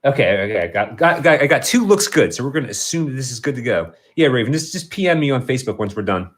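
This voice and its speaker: A man's voice: mid-range voice, big pitch swings, fast. A man hosting a casual livestream, rambling and restarting as he chats with viewers and his cat. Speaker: livestream host.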